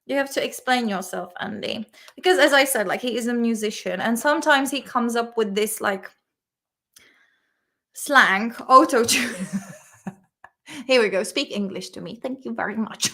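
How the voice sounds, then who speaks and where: A woman's voice: on the high side, pushed and bright. A young woman with a Czech accent, a native Czech speaker, hosting a casual chat and often breaking into giggles. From Czech Republic. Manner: giggly, chatty, lots of fillers. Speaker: host.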